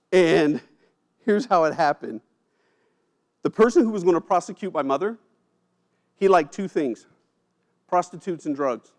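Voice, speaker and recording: A man giving a personal storytelling speech at an event, emotional, with dramatic pauses and quiet drops at heavy moments. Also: on the high side. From United States. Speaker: keynote speaker. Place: event stage.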